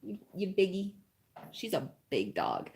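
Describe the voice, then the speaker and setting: A woman's voice: fairly low pitch, huge pitch swings, unhurried, creaky, a little mellow. A woman chatting casually with her live-stream viewers while she paints, rambling and often laughing and cooing at puppies, indoors at a home.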